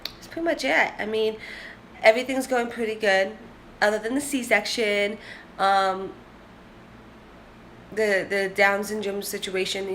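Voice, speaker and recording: A woman's voice: medium pitch, a bit bright, a little hiss or hum. Chatty young woman vlogging. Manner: rambling, chatty, candid. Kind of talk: casual chat to camera.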